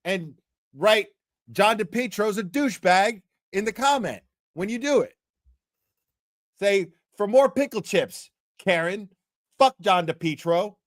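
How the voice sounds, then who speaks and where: A man's voice: high voice, lively intonation, a little slow, no room sound, clean studio sound. Foul-mouthed man ranting on a livestream. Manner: crude, heckling, swearing freely. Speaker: livestream host. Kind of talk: profane casual commentary.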